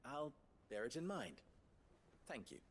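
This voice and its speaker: An actor voicing a composed, theatrical man in a video game, speaking in a measured, formal way. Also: medium pitch, very animated, slight background noise. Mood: polite. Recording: faint game music behind.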